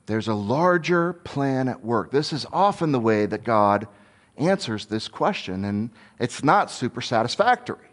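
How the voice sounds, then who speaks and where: A man's voice: medium pitch, animated, a little slow. A man giving a conversational sermon, earnest and candid, thinking aloud as he goes.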